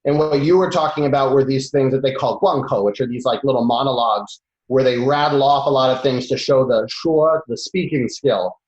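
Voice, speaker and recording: Man, american comedian, middle pitch, animated interview talk, roomy echo, dull lo-fi sound. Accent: Boston. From United States. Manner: animated, quick talker with many restarts. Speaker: comedian guest. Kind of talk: casual interview.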